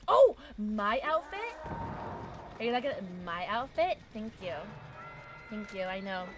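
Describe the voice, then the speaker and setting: A young woman streaming a game, chatting with viewers casually, jumpy and excitable, swearing and shrieking when scared. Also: on the high side, measured pace, noisy background. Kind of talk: casual gaming livestream chat.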